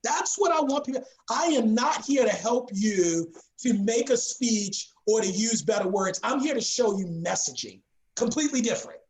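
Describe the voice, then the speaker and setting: A woman's voice: on the high side, animated, moderate pace, a little mellow. A woman teaching a public speaking class, speaking with emphasis and repeating her key words for weight. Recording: roomy echo.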